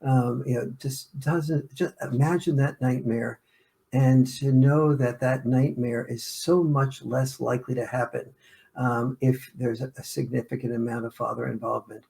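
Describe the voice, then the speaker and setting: A man with a gravelly, creaky voice answers interview questions at length. He explains his points by acting out family scenes, and his pitch sits mid-range. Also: fairly even intonation, moderate pace, mellow. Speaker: author and interview guest.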